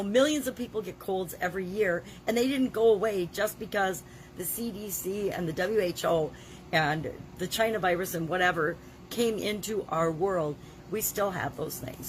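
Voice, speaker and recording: A woman in her sixties with a cold and a scratchy throat, talking in a daily video journal in an emphatic, plain-spoken way, coughing now and then. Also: lowish voice. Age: 60s. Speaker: vlogger.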